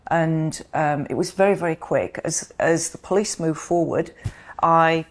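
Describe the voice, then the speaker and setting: A woman's voice: low-pitched, a little slow. A middle-aged woman from the UK, a guest in an interview, giving an earnest, emphatic personal account. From United Kingdom.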